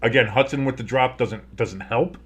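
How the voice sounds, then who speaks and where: A man's voice: mid-range voice, normal speed, fairly bright tone. A man giving casual live play-by-play commentary on a football game, rambling and swearing as he reacts. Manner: rambling, swears, restarts his sentences.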